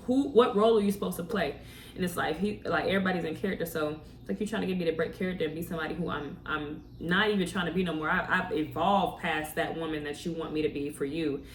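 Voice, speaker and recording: A woman with a fairly low voice talks quickly to camera in a motivational story-time vlog, keeping it conversational and firing rhetorical questions at viewers. She sounds distant from the mic in a roomy, echoey space with faint ambience and slight background noise.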